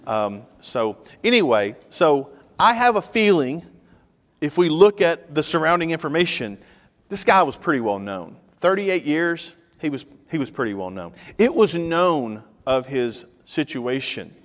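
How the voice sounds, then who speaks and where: A man's voice: on the high side, sing-song, a little slow. A man preaching a sermon as pastor, conversational and joking with his congregation. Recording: long hall reverb.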